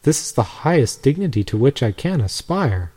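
A man's voice: medium pitch, very animated, normal speed, warm tone, husky. A man voicing an eager, earnest young male law student while reading a storybook aloud. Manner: earnest, rising enthusiasm.

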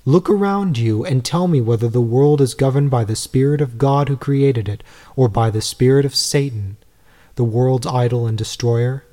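A man reads a devotional text aloud in a mellow, warm voice. His delivery is measured and earnest, with pitch in a middle range. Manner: measured, earnest, rhetorical questions. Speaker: reader.

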